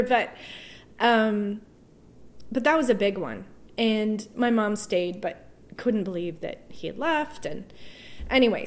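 Emotional woman telling a personal story. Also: mid-range voice. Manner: emotional, halting with restarts and soft laughs.

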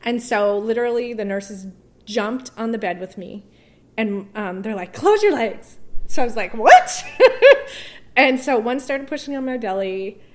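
Emotional woman telling a personal story. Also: mid-range voice. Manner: emotional, halting with restarts and soft laughs.

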